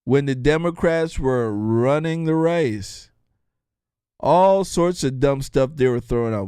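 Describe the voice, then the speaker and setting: A man's voice: mid-range voice, takes it slowly, a little mellow, clean tone, dry recording. A man hosting his own show, delivering a mocking, jokey political commentary monologue. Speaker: show host.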